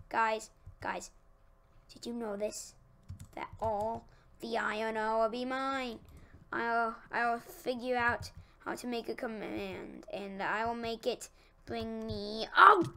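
A woman giving casual let's-play commentary, excitable and talking to herself as she plays. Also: on the high side, slow pace, vocal fry. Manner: excitable, talks to herself, easily annoyed. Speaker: gaming youtuber.

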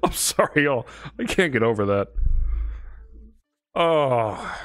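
A man's voice: medium pitch, sing-song, brisk, a bit bright. A young man hosting an anime reaction channel, exclaiming, swearing and laughing his way through casual commentary. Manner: exclamatory, profane, keeps breaking into laughter.

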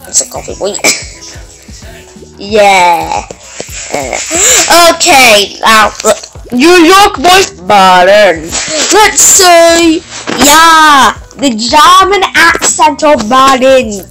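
A woman giving let's-play commentary on a game, excitable and quick to shout and giggle. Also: high voice, poor audio. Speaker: gameplay commentator. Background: game music.

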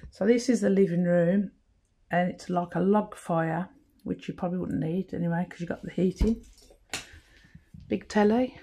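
A woman with a lowish, steady, mellow voice gives a chatty house tour on her phone, admiring each room. She speaks slowly, pauses with ums and is often out of breath in this casual narration.

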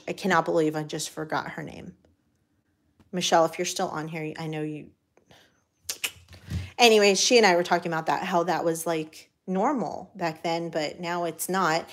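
An American woman with a slightly low voice chats loosely as she works on a craft project. She rambles, restarts her sentences and fills pauses with ums. Her voice sounds a little worn from all the talking. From United States. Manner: rambling, chatty, many fillers and restarts. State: voice cracking from talking. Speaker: craft vlogger. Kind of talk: casual chat while crafting.

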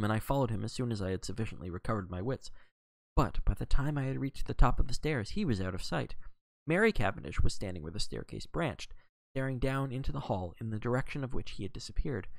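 A man reading a novel aloud on a livestream, steady, with occasional slips he corrects. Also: mid-range voice, fast talker, vocal fry, no room sound. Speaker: audiobook reader.

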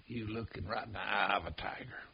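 A man's voice: fairly low pitch, steady tone, a little fast, creaky. An older man, telling folksy stories in casual conversation and laughing at his own tales. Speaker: bloodhound tracker. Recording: dull lo-fi recording with hiss.

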